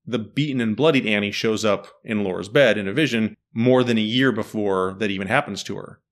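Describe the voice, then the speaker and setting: In a brisk, lowish voice, a man on a podcast gets animated while dissecting a TV series, chatting casually and firing questions at his co-host.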